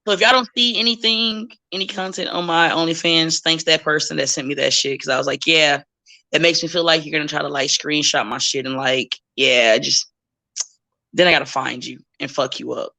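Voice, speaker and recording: A woman with a gravelly, fry-tinged voice chats as a guest in a casual interview. She talks bluntly, swears freely and slips into quick impressions of the people she is telling about. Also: sits low. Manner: blunt, profane and animated, acting out quoted people. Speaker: professional wrestler, guest.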